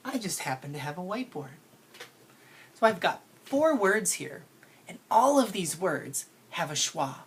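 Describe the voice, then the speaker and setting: A woman's voice: on the low side, very animated, a little slow, a little hiss or hum. A woman teacher giving a phonics lesson to children, patient and playful, stretching out sounds to show how words are said.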